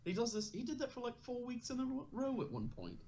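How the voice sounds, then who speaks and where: A man's voice: very high-pitched, wildly swooping pitch, fast talker, dark tone. A man chatting playfully before a tabletop game session, laughing often as he riffs on accents with friends in an online call. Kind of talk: casual pre-game chat. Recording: clear background noise.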